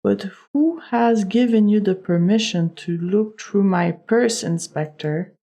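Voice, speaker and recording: A woman voicing an offended lady in a deep, manly tone, stern and reproachful. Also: slow pace, creaky, warm tone, dull audio. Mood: indignant.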